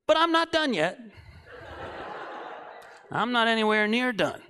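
A man in his late thirties preaching, telling a comic story that swings from shouting to hushed. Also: extremely high pitch, sing-song, measured pace, smooth. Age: 30s.

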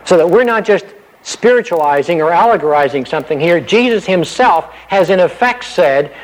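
A man's voice: sits high, lively intonation, moderate pace, poor audio. A man giving a conversational sermon, explaining Bible verses and asking his listeners rhetorical questions. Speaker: preacher.

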